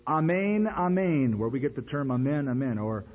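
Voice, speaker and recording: A man preaching a sermon in a conversational, animated way. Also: quick pace, husky. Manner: animated, conversational preaching with sudden pitch jumps. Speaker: pastor. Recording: long hall reverb.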